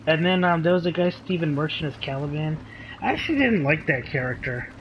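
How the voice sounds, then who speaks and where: A man's voice: a little high, animated, brisk, highs cut off, a little hiss or hum. A man reviewing a movie in casual chat, laid-back and often saying "dude" and "like".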